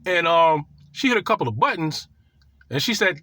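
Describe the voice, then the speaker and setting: A man's voice: sits high, a little fast, husky, no echo. A man casually telling a crude, boastful personal story, swearing freely as he goes. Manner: profane, boastful and animated.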